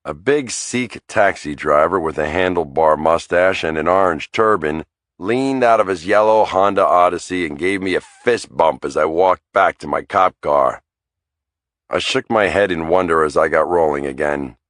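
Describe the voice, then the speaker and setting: A man tells a crime thriller audiobook in the first person, with a wry, dramatic delivery. His voice is very low and sits dry and close on a studio mic. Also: moderate pace, a bit bright, no echo. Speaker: audiobook narrator.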